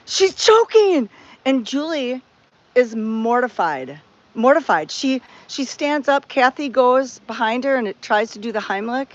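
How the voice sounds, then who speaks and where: Chatty woman vlogger, dull lo-fi sound. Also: a little high. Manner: chatty, rambling, with frequent restarts. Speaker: cat sanctuary vlogger. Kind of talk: casual storytelling to viewers. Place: outdoors at a cat sanctuary in hot weather.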